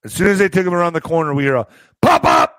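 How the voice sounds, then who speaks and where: A man telling a profane story to his video audience, animated and full of spoken sound effects. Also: a little high, racing, dry recording, low-quality recording. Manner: slips into a Spanish-accented put-on for quoted locals. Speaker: vlogger and author telling stories. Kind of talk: casual storytelling to camera.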